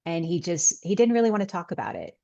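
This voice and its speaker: Casting: middle-aged woman guest, low voice, earnest storytelling tone. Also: sing-song, fast, gravelly, mellow, dull audio. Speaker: guest author and healer. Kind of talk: casual interview chat.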